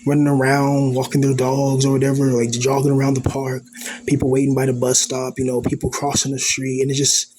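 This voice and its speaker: A man's voice: medium pitch, monotone, fairly quick, a little mellow, slight background noise. A man in an earnest, introspective personal monologue, rambling and leaning on fillers like "you know" and "like".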